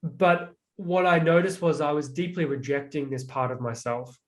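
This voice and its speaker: A man's voice: a little high, normal speed. A young man, a transformational coach, explaining with many "like" fillers and acted-out examples in an earnest, reflective way. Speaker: transformational coach, podcast guest.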